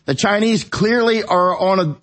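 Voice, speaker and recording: A man's voice: sits high, normal speed, fairly bright tone. A man appearing as a guest on a talk show, chatting in a rambling, digressive way with many restarts. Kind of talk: casual talk show conversation.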